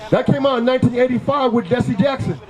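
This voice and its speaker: High-voiced man preaching hard on the street. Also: quick pace, roomy sound, a faint crowd, low-quality recording. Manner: forceful, fires rhetorical questions, repeats "right?". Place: outdoors on a city street.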